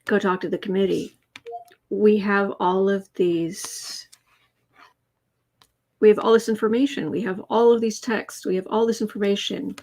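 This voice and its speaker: A woman's voice: medium pitch, fairly even intonation, measured pace, pauses often, darkish tone. A woman hosting a tarot livestream, chatting casually, telling anecdotes and reading out viewer comments. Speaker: tarot reader and livestream host.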